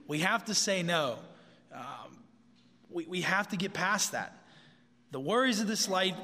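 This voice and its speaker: Man, pastor, conversational sermon, high voice, echoey hall. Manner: conversational, animated, often repeats himself.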